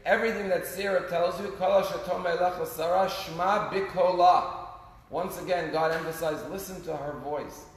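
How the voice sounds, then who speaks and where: A man's voice: high-pitched, fairly even intonation, normal speed. A man giving a sermon as a rabbi, telling stories earnestly with his volume rising and falling. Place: synagogue sanctuary. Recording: echoey sanctuary with long reverb, faint noise.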